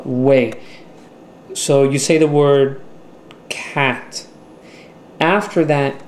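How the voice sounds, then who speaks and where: Man explaining slowly in an echoey room. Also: a little high, a little mellow, a little hiss or hum. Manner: slow, deliberate explanation with fillers. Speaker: teacher. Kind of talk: instructional video narration. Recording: echoey room with faint ambience.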